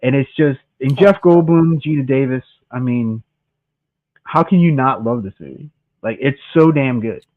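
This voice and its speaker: A man's voice: medium pitch, moderate pace, no room sound. Man on a dry, tinny call line. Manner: enthusiastic, stammers on restarts. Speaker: podcast co-host. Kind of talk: casual movie chat.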